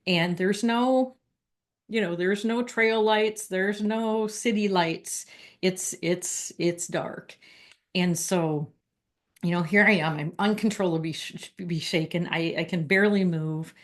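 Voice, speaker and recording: A woman telling a personal story in a casual, earnest and reflective way, halting and restarting as she goes. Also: lowish voice.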